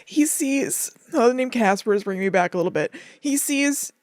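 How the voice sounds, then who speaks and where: A woman's voice: medium pitch, quick pace, no echo, studio quality. A young woman co-hosting a podcast, recapping a cartoon episode in casual chat and getting emotional as she goes. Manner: animated, laughing and crying while retelling. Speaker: podcast co-host.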